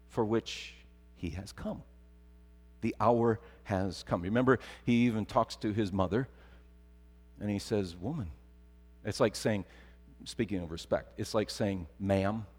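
A man's voice: fairly low pitch, a little mellow. Preaching man in a reverberant hall. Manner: storytelling, building to emphatic repetition. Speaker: pastor. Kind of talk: sermon.

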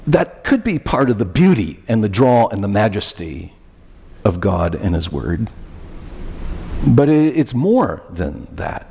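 Animated pastor preaching in a reverberant hall. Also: male voice, medium pitch, slight background noise. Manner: animated, questioning, emphatic repetitions. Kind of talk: sermon.

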